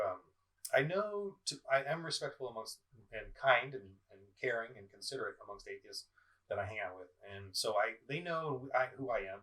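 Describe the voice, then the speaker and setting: A middle-aged man rants at home, his voice bright and pushing hard as he accuses his listeners. He stumbles over words, restarts and repeats phrases. He sits a little way back from the mic, so the sound has some distance. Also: mid-range voice. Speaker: political vlogger. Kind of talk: ranting video commentary. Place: indoors at home, in front of a screen. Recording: voice somewhat far from the mic.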